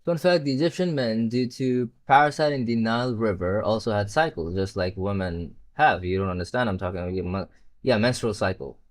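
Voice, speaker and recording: A man's voice: lowish voice, fairly quick. Swearing, rambling male live streamer. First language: not English. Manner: rambling, swears when frustrated, talks to chat. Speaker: livestreamer. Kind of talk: casual live-stream chat while coding.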